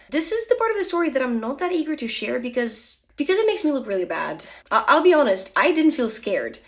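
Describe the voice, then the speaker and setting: Chatty young woman telling a lively story. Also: high-pitched. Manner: candid, confessional, chatty with many "like"s. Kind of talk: casual storytime narration.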